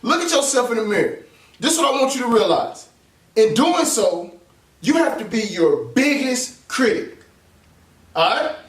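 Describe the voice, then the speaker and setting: High-voiced man giving a preachy pep talk. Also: big pitch swings, normal speed, long pauses, far from the mic. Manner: preachy, repeats phrases, emphatic. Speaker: motivational speaker. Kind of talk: motivational talk. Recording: echoey room, voice off-mic.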